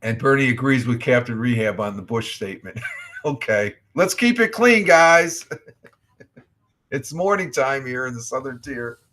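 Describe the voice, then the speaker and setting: A man's voice: medium pitch, lively intonation, unhurried, fairly bright tone. Middle-aged male streamer, casual chat host, friendly rambling delivery, reads chat aloud, lots of restarts. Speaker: livestream host. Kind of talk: casual morning livestream chat.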